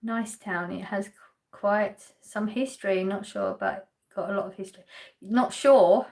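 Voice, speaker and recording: A woman's voice: medium pitch, steady tone, moderate pace, vocal fry. A woman from Essex with an Essex English accent, hosting a live stream and chatting casually as she reads out and answers viewer comments. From England. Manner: chatty, lightly laughing, answers chat questions directly.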